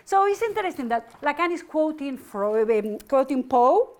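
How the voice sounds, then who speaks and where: A middle-aged woman delivers an academic lecture in a high voice. She talks hesitantly, stopping and restarting often and filling pauses as she works through her ideas. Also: very animated, a little mellow. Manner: hesitant, many restarts and fillers.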